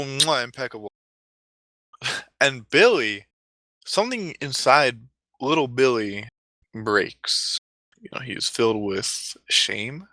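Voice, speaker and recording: A man's voice: mid-range voice, pushed and bright, no echo. Profane, rambling man telling a story. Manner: profane, rambling, self-correcting. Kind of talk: casual comic storytelling.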